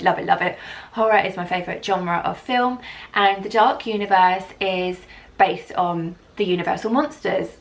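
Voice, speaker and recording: A woman chats straight to camera in a travel vlog. Her delivery is gushing and excitable, tumbling into repeated superlatives as her enthusiasm builds. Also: mid-range voice. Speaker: vlogger.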